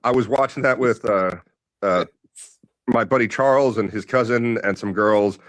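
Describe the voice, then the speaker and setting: A man's voice: fairly low pitch, moderate pace, no echo, rough recording. A man co-hosting a casual podcast who talks bluntly and tells stories animatedly. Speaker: podcast co-host. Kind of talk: casual chat.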